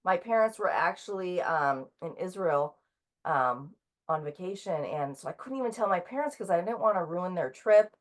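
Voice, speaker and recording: A woman in her thirties, a guest author talking casually in an interview, halting with frequent ums and restarts. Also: fairly low pitch, animated.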